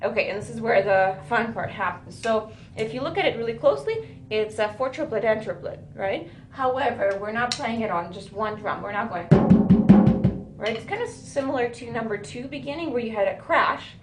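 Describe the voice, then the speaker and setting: In a music school room with drums, a woman teaches drum fills in a video lesson, explaining step by step, counting rhythms aloud and often checking in with "right?". Her voice is on the high side with lively intonation at normal speed. The room is echoey, with loud drumming and faint music behind her.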